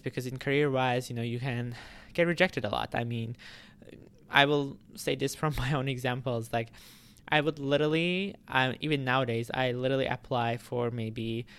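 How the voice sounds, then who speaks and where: A man's voice: mid-range voice, a bit bright, clean tone. A man who runs a YouTube channel, talking casually to his viewers in a rambling way, with many fillers and restarts. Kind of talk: casual vlog talk to camera.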